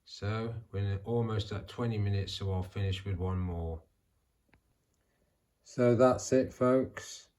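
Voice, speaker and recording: Slow-talking man, calm vlog host. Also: fairly low pitch. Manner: calm, unhurried, talking to himself. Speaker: toy figure channel host. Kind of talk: casual vlog narration while posing figures.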